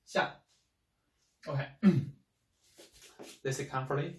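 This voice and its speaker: A man whose first language is Chinese, teaching a language lesson slowly and repeating each sound many times. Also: fairly high pitch, little pitch movement. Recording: echoey room, mic at a distance.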